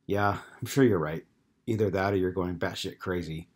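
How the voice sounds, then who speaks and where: A man reading the part of a young wife who teases dryly, in a low, husky voice lifted only a little. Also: moderate pace. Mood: teasing. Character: wry young wife, skeptical.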